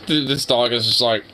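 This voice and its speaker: A man's voice: medium pitch, very noisy. A young man streaming live, chatting casually with his viewers in a rambling, joking way full of filler words.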